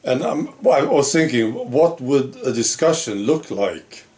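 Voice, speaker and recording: Slow, musing male vlogger. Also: medium pitch, animated, darkish tone. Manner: musing, full of rhetorical questions. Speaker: channel host. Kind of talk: reflective monologue to camera.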